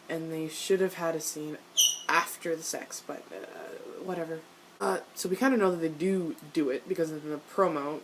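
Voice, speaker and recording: A woman reacting to a TV episode in casual, excitable rants, swearing often and turning exasperated. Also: lowish voice, heavy background noise. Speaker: video reviewer.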